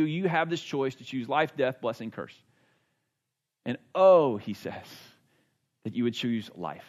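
Male pastor, earnest emphatic sermon delivery, hushed dramatic drops, voice on the higher side.

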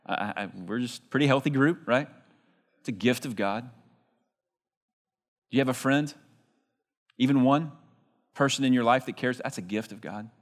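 Male pastor, mid-pitched, preaching conversationally to a live congregation, with rhetorical questions. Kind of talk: sermon. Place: church in front of a congregation.

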